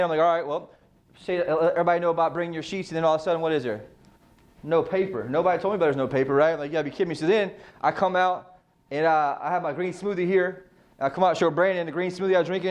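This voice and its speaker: Fairly high-voiced man coaching a team. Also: fast. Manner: casual, fires rhetorical questions, swears freely. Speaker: real estate team coach. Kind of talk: motivational team meeting talk.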